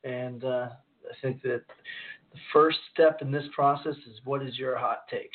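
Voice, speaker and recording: A man's voice: medium pitch, fairly even intonation, unhurried. A man co-hosting a casual political talk radio show, rambling and searching for words as he poses rhetorical questions. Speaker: radio co-host. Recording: tinny phone-like line.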